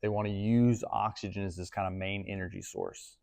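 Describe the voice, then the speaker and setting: Casual, lowish-voiced male coach. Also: fairly even intonation, a little fast, creaky, darkish tone. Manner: casual, asks the group questions often. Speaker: strength coach. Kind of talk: classroom coaching talk.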